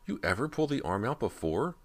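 A man with a very deep voice playing a blunt, fatherly basketball coach in an audiobook. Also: big pitch swings, fairly quick. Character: gruff middle-aged male basketball coach.

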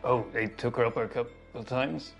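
A man playing in a tabletop role-play, questioning a character in a playful way, laughing often and filling pauses. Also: mid-range voice, fairly even intonation, vocal fry, dull audio, faint music behind. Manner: playful, laughs between lines, trails off with fillers. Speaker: player.

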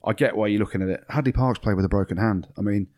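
English man, middle-aged, quick talker, low voice, dry close sound, teasing rugby pundit. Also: darkish tone, no room sound. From England. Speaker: podcast host, former rugby player. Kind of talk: casual sports banter.

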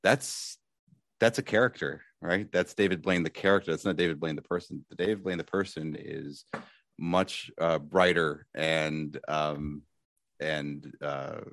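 Male podcast guest, very deep voice, hesitant and easygoing, dry sound. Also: fairly even intonation, measured pace, fairly bright tone, dry recording. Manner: thoughtful, hesitant, laughs easily. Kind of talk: casual interview chat.

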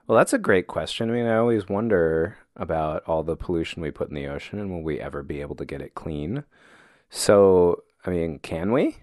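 A man's voice: deep voice, fairly quick, a little mellow, no echo, clean studio sound. A man co-hosting a science podcast for kids, playful and jokey. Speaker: co-host.

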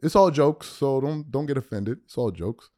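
A man hosting a sports podcast, talking in a blunt, mocking and animated way. His pitch swings widely as he rants and teases. The sound is dry and close, with no room around it. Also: normal speed, no echo. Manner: blunt, mocking, animated, teasing then insisting it's jokes. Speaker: sports commentary podcast host. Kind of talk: opinionated sports commentary monologue.

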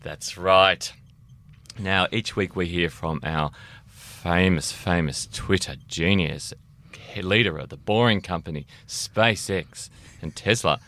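A man hosting a casual motoring podcast, chatty and quick to laugh. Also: deep voice, bright, forceful tone. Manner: chatty, laughs often, reads tweets aloud. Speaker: podcast host.

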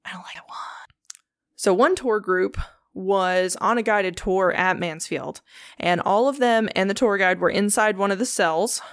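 Unhurried and chatty, a young podcast host swaps ghost stories, her loose speech full of cursing and fillers. Her middle-range voice is recorded cleanly in a studio with no room sound.

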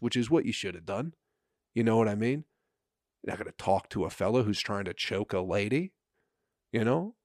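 A man's voice: fairly low pitch, no room sound, clean studio sound. A young adult man on a profane, rambling comedic rant, full of filler and laughter. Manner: rambling, crude, laughs often.

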